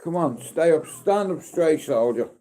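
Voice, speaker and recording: A man in his fifties on a casual live stream, mixing coaxing sing-song baby talk and sudden loud calls with rambling, heartfelt chat. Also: a little high, expressive, unhurried. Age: 50s.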